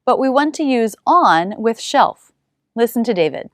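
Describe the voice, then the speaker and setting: A woman teaching English pronunciation, saying single sounds and words slowly with exaggerated care. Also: fairly high pitch, lively intonation, no room sound, studio quality.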